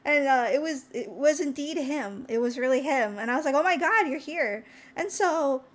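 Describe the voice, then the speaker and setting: At a normal speed, a young VTuber streamer with a high voice chats her way through a rambling tale, sounding worn out. She gets animated and her pitch rises when she acts out other people's words.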